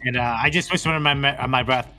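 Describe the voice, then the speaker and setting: A man's voice: medium pitch, steady tone, fast talker, sharp tone, faint music behind. A man playing a tabletop game in character, joking and goofy. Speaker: player.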